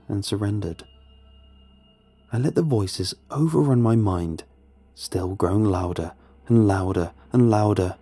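A man with a low, dark, husky voice tells a first-person horror story with tense drama. His pitch moves widely as he narrates. Faint music sits under the voice.

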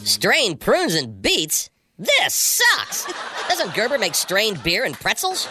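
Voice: medium pitch, huge pitch swings, slow pace. A performer voicing a six-month-old baby boy who talks like a lecherous sailor in a comedy radio sketch, over a music bed. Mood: disgusted. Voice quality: wisecracking, lecherous. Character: foul-mouthed talking baby boy, leering.

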